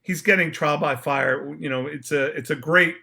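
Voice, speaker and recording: A man chatting as a podcast guest, animated and joking, quick to laugh. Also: fairly high pitch, gravelly. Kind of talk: casual chat.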